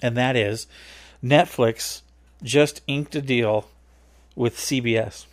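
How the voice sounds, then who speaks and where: A man's voice: medium pitch, slow, no echo. A man co-hosting a podcast in casual chat, chatty and rambling, teasing his co-host.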